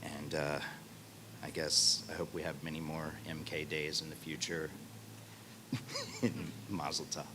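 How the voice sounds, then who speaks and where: A man with an extremely deep voice speaks haltingly, pausing and saying um as he fights back tears. Clear background noise sits behind him. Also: steady tone. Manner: halting, with ums and pauses. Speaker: mentor giving a blessing. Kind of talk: off-the-cuff speech.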